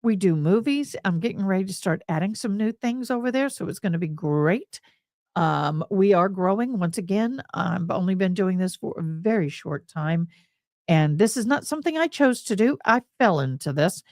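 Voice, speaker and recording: A woman's voice: mid-range voice, lively intonation, normal speed, a little mellow, no room sound, clean studio sound. A woman with a Texan accent, hosting a casual livestream in a chatty, bubbly way and often saying y'all. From Tennessee, USA. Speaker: livestream host.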